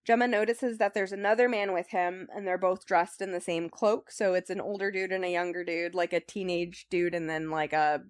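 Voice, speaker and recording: A woman's voice: on the low side, fairly even intonation, brisk, hardly any pauses, smooth, dry recording, clean studio sound. Chatty young woman recapping a book. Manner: rambling, filler-heavy, says "like" and "um" often. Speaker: book club host recapping the book. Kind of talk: casual podcast chat, summarizing a novel.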